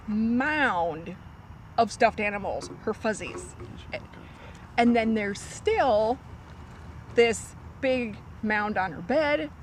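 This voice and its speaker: Woman, casual storytelling, animated, child voices put on, slightly high, lively pitch, faint outdoor noise. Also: rough recording. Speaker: storyteller guest on a vlog.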